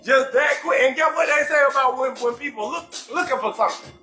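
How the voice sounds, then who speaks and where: Comedic talk host, male, New Orleans accent, very high bright voice, shouty and animated, in an echoey room with music. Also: brisk. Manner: loud, animated, often shouting, profane. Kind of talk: live comedy talk show, reading viewer comments.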